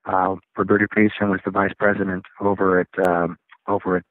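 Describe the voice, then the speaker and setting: A man, a rock singer, telling stories in a casual interview, rambling and animated. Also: sits low, brisk, slight background noise. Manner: rambling, animated storytelling with laughs. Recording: tinny phone line, dry.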